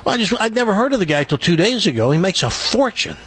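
Wry, slightly higher-voiced male radio co-host. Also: very animated, fast talker, a bit bright, breathy edge. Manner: wry, teasing remarks. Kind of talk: casual radio banter.

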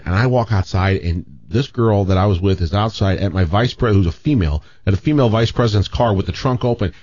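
A man co-hosts a radio talk show in a low, easygoing voice, spinning an anecdote and chuckling as he goes. The sound is dry and a bit dull. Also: no room sound. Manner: easygoing storyteller, laughs at his own anecdotes. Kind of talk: casual radio banter.

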